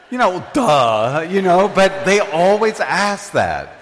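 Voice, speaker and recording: A man's voice: on the high side, wildly swooping pitch, takes it slowly, hardly any pauses. An older man preaching in a humorous, self-mocking storytelling way, often laughing. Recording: reverberant hall.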